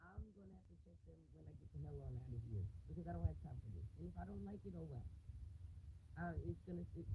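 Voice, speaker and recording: A woman's voice: on the low side, lively intonation, quick pace. A woman hosting a livestream, talking to her chat in an irritated, dismissive, profane way. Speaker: livestream host. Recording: noisy stream audio.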